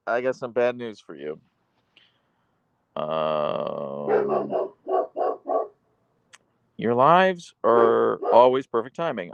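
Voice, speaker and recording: A man's voice: on the low side, vocal fry, highs cut off, very noisy. A man live-streaming, reading viewer comments aloud in a playful, teasing, chatty way.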